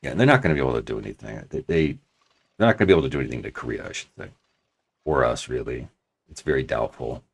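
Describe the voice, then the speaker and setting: This man's voice is extremely low, gravelly and husky, and he speaks fast and expressively. He's commentating on a strategy game as he plays, reasoning out loud at length about his plans with frequent restarts and hedges.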